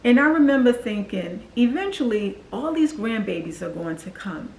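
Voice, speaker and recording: A woman's voice: on the high side, big pitch swings, moderate pace, gravelly, a little mellow, echoey room, low-quality recording. A woman in her forties telling her personal story to the camera in an earnest, confiding way. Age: 40s. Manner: earnest, confiding, acts out quoted voices. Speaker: vlogger.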